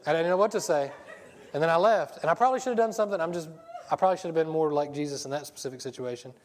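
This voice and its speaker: A man gives a casual sermon, talking quickly and wandering off into stories. He often trips over and restarts his phrases. His voice carries a long reverb from a large hall. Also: fairly high pitch. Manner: rambling, self-interrupting storyteller. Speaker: preacher.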